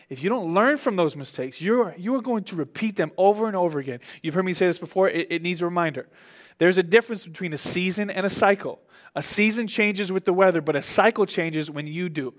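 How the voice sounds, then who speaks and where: Animated young male pastor preaching. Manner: animated, conversational preaching with big pitch swings. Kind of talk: sermon.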